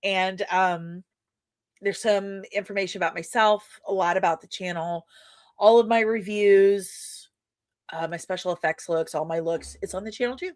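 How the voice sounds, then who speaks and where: A woman's voice: mid-range voice, fairly even intonation, normal speed, dry recording, studio quality. A woman hosting a podcast in casual chat, rambling and self-deprecating with many fillers. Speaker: podcast host and comic creator.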